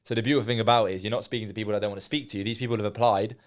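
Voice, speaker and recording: A man's voice: on the low side, steady tone, very fast. A man interviewing a young salesman, casual and blunt, swearing freely and asking leading questions. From England.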